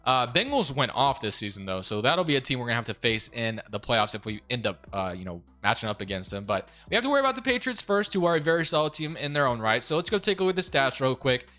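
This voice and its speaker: A young man giving casual commentary over a football video game, excitable and quick to rant in frustration. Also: medium pitch. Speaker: gaming YouTuber.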